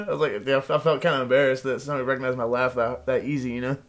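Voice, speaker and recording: A man co-hosting a casual podcast, slangy and loose, calling everyone "dude" and laughing loudly and often. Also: medium pitch, steady tone, racing, few pauses. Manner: slangy, says "dude" constantly, frequent loud laughs. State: stoned. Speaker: podcast co-host. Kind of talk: casual chat.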